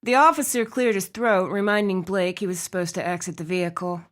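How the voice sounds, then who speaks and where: Female audiobook narrator, expressive, mid-pitched, steady storytelling. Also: brisk. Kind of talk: scripted narration.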